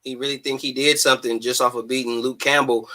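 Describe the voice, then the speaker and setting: Bright animated man hosting boxing talk. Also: mid-range voice, fast talker. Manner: animated, slangy, emphatic. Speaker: host. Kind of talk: casual boxing talk show.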